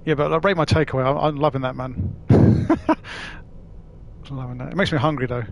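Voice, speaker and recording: A man's voice: medium pitch, steady tone, normal speed, creaky, dull audio, slight background noise. Chatty man streaming a game. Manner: chatty, laughs often, swears casually. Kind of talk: casual live-stream chat while playing.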